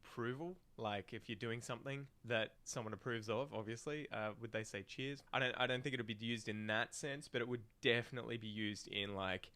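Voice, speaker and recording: A man's voice: lowish voice, fairly even intonation, brisk, hardly any pauses, pushed and bright. Chatty Australian man explaining slang. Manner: chatty and swears casually. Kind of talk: casual explanatory chat.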